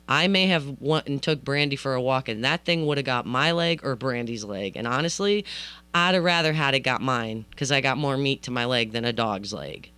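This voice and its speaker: A woman's voice: a bass voice, clean tone, dry recording. A woman hosting a podcast who tells a comic story with chatty asides to the listener and acts out the quoted lines. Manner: animated, acts out quoted dialogue. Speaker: podcast host.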